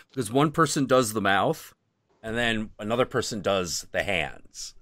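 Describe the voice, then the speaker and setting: A stream host chats casually and candidly, swearing freely as he spins his stories with real animation. His voice is fairly low, and there's no echo on the recording.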